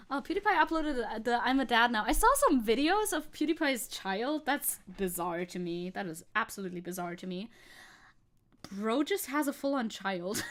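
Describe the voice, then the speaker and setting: A young woman chatting on a live stream, rambling from one thought to the next with frequent giggles. Her voice sits a little high, and she reads chat messages aloud as she goes. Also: lively intonation, normal speed. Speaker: VTuber streamer.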